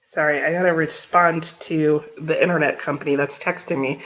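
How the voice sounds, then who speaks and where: A woman's voice: deep voice, fairly even intonation, normal speed, fairly bright tone. A woman hosting a live stream, chatting casually, often laughing and greeting viewers from the chat. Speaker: livestream host.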